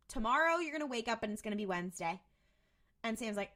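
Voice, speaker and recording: Bright, lively young woman retelling a show. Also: a little high. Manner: animated, retells scenes with quick voiced quotes. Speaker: podcast co-host. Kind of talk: casual chat recapping an episode.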